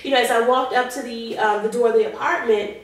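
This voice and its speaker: A woman being interviewed as a guest, giving an emotional personal testimony in an earnest way. She slows down on heavy moments. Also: a little high, fairly even intonation. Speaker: guest sharing her survival story. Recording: very echoey room, voice far from mic.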